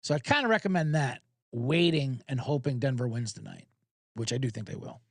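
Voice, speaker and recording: A man hosting a sports betting podcast, talking casually in an animated, profane, rambling way. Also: medium pitch, a little fast, no echo.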